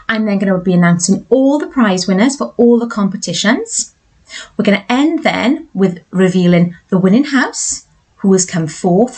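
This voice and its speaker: A woman's voice: mid-range voice, husky, poor audio. Woman teacher leading an assembly. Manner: bright, sing-song, leading call-and-response. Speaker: primary school teacher. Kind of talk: school assembly address to young children.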